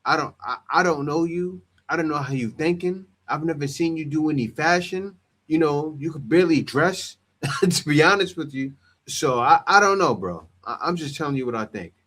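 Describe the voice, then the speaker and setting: A man's voice: fairly high pitch, animated, moderate pace, fairly bright tone. A man hosting a reaction commentary, giving blunt, direct advice. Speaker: host reacting to clips.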